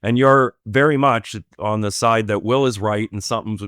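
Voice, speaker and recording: A man's voice: on the low side, moderate pace, a bit bright, clear, resonant tone, no room sound, clean studio sound. A man on a podcast, a guest retelling a movie's plot in loose, rambling casual chat full of fillers. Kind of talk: casual film recap chat.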